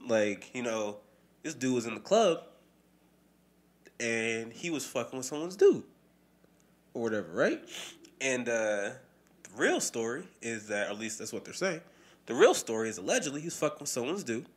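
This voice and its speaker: A man's voice: medium pitch, normal speed, pauses often. A man co-hosting a podcast in casual, profane chat. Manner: animated, profane, mimics voices when quoting people. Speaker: podcast co-host.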